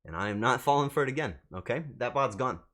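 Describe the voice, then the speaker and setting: Talking fast with lively intonation, this VTuber spins a meandering story straight to his chat, swearing liberally as he goes. His mid-range voice is fairly bright, with a little hiss or hum in the background.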